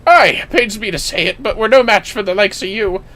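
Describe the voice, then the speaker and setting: A man's voice: sits high, brisk, sharp tone, pitched above the performer's own voice. A man reading the lines of an aging male warrior guild master in formal, old-fashioned speech. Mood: rueful.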